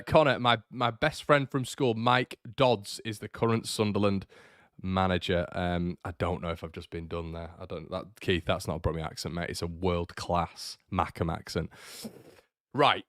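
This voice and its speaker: Young male host, fan-channel morning show; energetic, chatty, slightly low voice, dry recording. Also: no room sound. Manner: chatty, energetic, repeats words for emphasis. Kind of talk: casual live morning show reading viewer comments.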